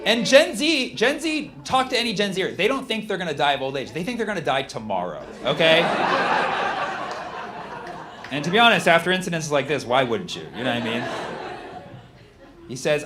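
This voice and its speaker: A male comedian on stage, his pitch leaping up and down as he jumps from dry deadpan reading to shouted punchlines. Clear background noise from the live venue sits under his voice throughout. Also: fairly quick, pauses often. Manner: animated, mocking, reads texts aloud in flat deadpan, shouts punchlines. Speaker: stand-up comedian. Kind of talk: stand-up comedy routine.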